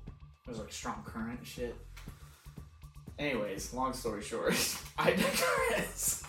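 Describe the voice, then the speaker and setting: A man's voice: medium pitch, huge pitch swings, moderate pace, a bit bright. A young adult man, a podcast co-host, telling a casual story, laughing often, swearing and acting out his own lines. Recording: echoey room, far from mic, faint music.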